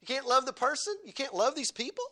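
A man delivers a sermon with a high, bright voice. He hammers his points home and keeps asking the congregation questions. He sounds like a pastor preaching from the pulpit in church. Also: big pitch swings, fast. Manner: emphatic, asks the congregation repeated rhetorical questions.

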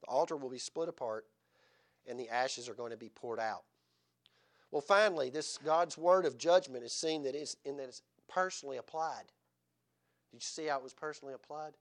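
A man's voice: medium pitch, brisk. A man preaching a sermon in church, reading scripture aloud and driving his points home with rhetorical questions. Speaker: pastor.

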